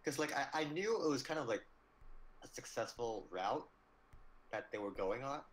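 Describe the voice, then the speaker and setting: This young livestream co-host has a medium-pitched, expressive voice at normal speed. His casual chat rambles in loose phrases that trail off, with "like" filling every gap.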